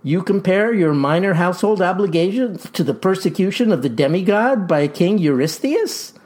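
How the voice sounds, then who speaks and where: A man voicing a stern, pompous farm father lecturing his son in high-flown words. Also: animated, moderate pace, a little mellow.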